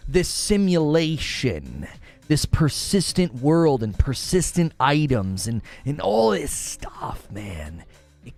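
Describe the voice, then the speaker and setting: A man's voice: a little high, creaky, a little mellow. A young man from Northern Ohio, a gaming streamer, chatting casually with his live chat, teasing viewers and laughing often.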